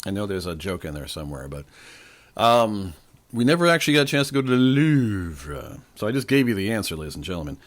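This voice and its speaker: A man's voice: lowish voice, big pitch swings, a little fast. Jokey New man hosting a trivia quiz. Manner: jokey, rambling, talks straight to listeners; stops to sip water between questions. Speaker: trivia podcast host.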